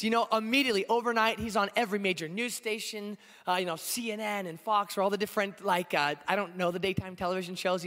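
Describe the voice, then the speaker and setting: Hoarse male preacher in his 20s, high-pitched, casual and earnest pulpit delivery, echoing church hall. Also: pushed and bright. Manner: conversational, earnest, with frequent fillers. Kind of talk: sermon.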